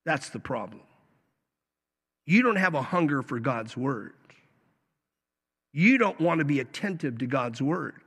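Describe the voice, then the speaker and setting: A man preaching a sermon as a pastor, animated, with joking asides and acted-out quotes. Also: on the high side, unhurried, pauses often, breathy edge. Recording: long hall reverb.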